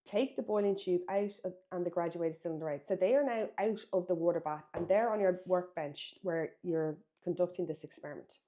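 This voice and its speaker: Irish-raised woman teacher going over exam answers, lowish voice, mellow, stresses key words. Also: brisk, few pauses. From Ireland. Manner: instructive, emphatic, self-correcting while writing. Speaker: biology teacher. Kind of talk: exam revision lesson.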